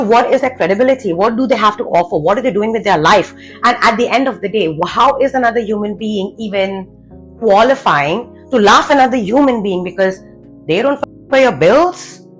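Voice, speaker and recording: A woman's voice: mid-range voice, rough recording. A woman confidence coach delivering a blunt, cursing motivational rant, hammering out rhetorical questions. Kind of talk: profane motivational rant to camera.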